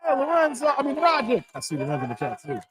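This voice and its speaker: Animated high-pitched man hosting a live stream. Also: rapid-fire. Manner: animated, teasing, playfully exasperated. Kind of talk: casual live-stream chat reading comments.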